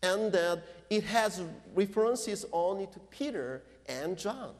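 Slow-preaching pastor, high voice. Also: male voice, animated. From Korea. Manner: slow, deliberate preaching with non-native English phrasing. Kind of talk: sermon. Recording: long reverb of a large hall.

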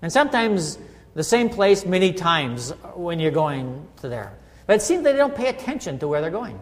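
A man's voice: sits high, big pitch swings, moderate pace, big-room sound. A middle-aged man preaching a conversational sermon as a pastor, often checking in with his listeners. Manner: conversational, asks listeners "right?". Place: church sanctuary.

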